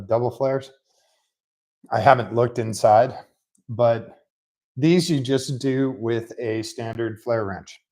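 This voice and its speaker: A man's voice: mid-range voice, a little mellow, rough recording. Chatty man rambling in his garage. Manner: chatty, rambling, self-mocking. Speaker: mechanic showing a repair. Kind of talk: casual workshop vlog. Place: home garage workshop. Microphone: laptop on a rolling stool.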